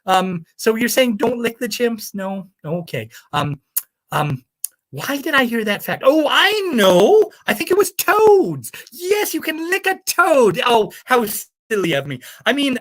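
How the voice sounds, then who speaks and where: A woman's voice: on the high side, a bit bright. A woman playing a scatterbrained self-proclaimed primatologist who calls bingo and rambles in a put-on accent that drifts toward the American South. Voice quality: breezy, rambling, cheerfully misinformed. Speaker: bingo caller. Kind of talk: comic live-stream character bit.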